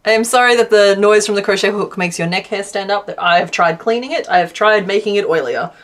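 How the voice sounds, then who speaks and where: A woman's voice: medium pitch, fairly quick. A young adult woman with a Western Australian accent, chatting casually and self-deprecatingly with her viewers while she crochets, often laughing. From southwest Western Australia. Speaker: crochet streamer reading chat. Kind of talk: casual live-stream chat while crocheting.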